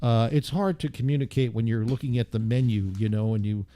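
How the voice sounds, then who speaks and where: A man's voice: mid-range voice, fairly quick, warm tone. A man hosting his own show, talking in a casual, rambling monologue full of wry, self-mocking asides. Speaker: radio show host.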